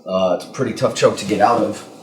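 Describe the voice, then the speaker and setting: In an echoey indoor training gym, a man with a lowish, darkish voice talks fast while casually demonstrating jiu-jitsu escapes, with slight hiss or hum in the background. He repeats words and keeps asking "okay?", and at times he sounds strained for breath while caught in a choke.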